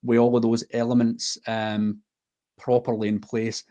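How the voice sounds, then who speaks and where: A man's voice: mid-range voice, monotone, unhurried, mellow. A man from the west of Scotland with a Scottish accent, a podcast guest telling a personal story in an earnest, heartfelt and unguarded way.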